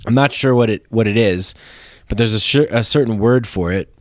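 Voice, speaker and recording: A man hosting a comedy podcast talks in a lowish voice, rambling and cursing and restarting his sentences. The sound is close and dry with no echo at all. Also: moderate pace. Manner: rambling, profane, many restarts. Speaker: podcast host. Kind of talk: casual comedy chat.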